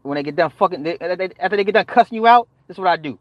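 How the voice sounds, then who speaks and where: A man's voice: high voice, expressive, racing, no echo. A man casually chatting on his live stream, joking and swearing, laughing often and answering the chat by repeating points for emphasis. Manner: profane, joking banter with frequent laughter; talks back to chat, repeats phrases for emphasis. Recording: dull lo-fi dry sound.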